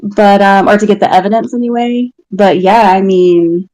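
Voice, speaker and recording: A woman's voice: mid-range voice, fairly even intonation, normal speed, dark tone, no room sound, rough recording. A woman, a guest on a talk show, candidly telling a personal story and laughing at herself now and then. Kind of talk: casual personal testimony.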